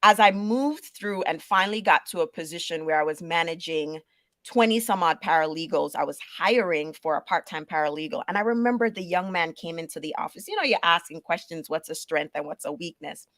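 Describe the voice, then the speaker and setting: A woman's voice: fairly low pitch, brisk, no echo. A woman from Jamaica, a paralegal manager, telling stories of her career in an interview and acting out the voices of others. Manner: animated storyteller who acts out quoted voices. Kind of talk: conversational interview storytelling.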